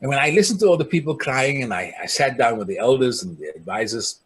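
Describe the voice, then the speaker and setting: A man's voice: expressive, fast talker, husky. A community leader speaking earnestly, recounting his people's hardships and acting out the voices of those he quotes. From South Africa. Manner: earnest, acts out the voices of people he quotes, drops soft and low on grave points. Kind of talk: personal storytelling speech.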